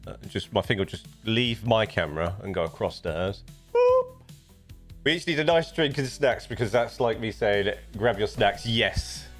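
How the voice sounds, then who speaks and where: A man's voice: on the low side, a little fast, hardly any pauses, fairly bright tone, soft background music. Chatty British man streaming live. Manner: rambling, chatty, often restarts sentences. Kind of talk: casual live-stream chat. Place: home desk setup.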